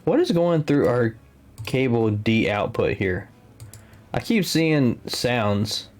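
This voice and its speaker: A man's voice: medium pitch, expressive, slow, a little mellow. A man co-hosting a live tabletop game stream, chatting casually and laughing easily. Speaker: stream co-host and commentator.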